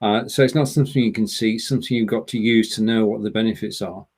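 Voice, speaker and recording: A man's voice: lowish voice, fairly even intonation, fast talker, darkish tone. A man hosting a live stream chat over a video call, making points steadily and building on what others said. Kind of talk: casual discussion.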